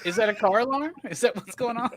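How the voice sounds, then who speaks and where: A man's voice: very high voice, quick pace, a little hiss or hum. A man with a Southern American accent, co-hosting a casual chat over a video call, swearing and laughing a lot. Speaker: co-host.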